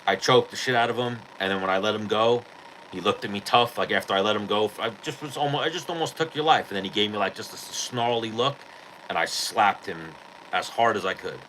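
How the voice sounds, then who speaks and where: A man with a fairly low voice tells stories on his podcast in loose, profanity-laden chat. He acts out what people said as he goes. There is a faint hiss of noise behind him. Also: fairly quick, low-quality recording. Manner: profane, animated storytelling with acted-out quotes. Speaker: podcast host. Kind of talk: casual storytelling chat.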